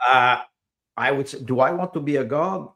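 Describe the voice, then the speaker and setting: A man's voice: mid-range voice, moderate pace, creaky, fairly bright tone. A man speaking as a podcast guest in casual conversation, hesitant, with many fillers and repeated words, and small grammar slips of a second-language English speaker.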